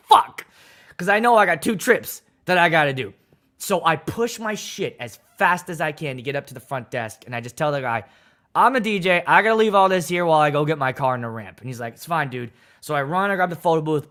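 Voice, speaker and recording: Animated, profane male DJ storyteller. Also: on the high side. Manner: animated, profane, dramatic retelling. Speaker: wedding DJ. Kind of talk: casual livestream storytelling.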